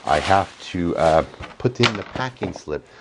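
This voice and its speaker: A man's voice: low voice, expressive, a little slow. A man hosting his woodworking channel, chatting casually through an unboxing and narrating what he does as he goes. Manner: chatty, self-narrating, easily amused. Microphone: phone camera. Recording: noisy phone recording.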